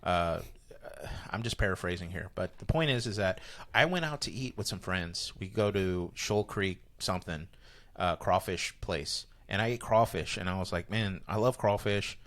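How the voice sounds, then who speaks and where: A man, a comedian, talking casually on a podcast, rambling and animated, with many restarts. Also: low-pitched, normal speed. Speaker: comedian guest.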